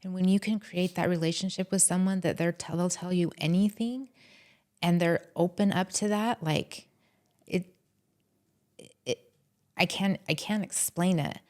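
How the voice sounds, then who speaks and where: A woman therapist speaking as a podcast guest, talking in a casual, animated and heartfelt way about her work. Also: lowish voice, unhurried, pauses often. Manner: animated, acts out quotes from clients and herself.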